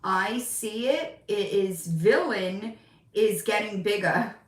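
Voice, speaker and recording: A woman's voice: medium pitch, takes it slowly, far from the mic. A middle-aged woman chatting casually on a live stream from her home, rambling and cooing at her cats now and then. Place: room at home. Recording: roomy sound, voice off from the mic.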